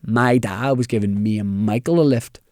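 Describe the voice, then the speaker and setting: A man's voice: fairly low pitch, moderate pace, dry recording, clean studio sound. A young man with a Northern Irish accent, a comedian telling a funny story in casual chat. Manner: animated anecdote telling with quoted dialogue. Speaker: comedian guest.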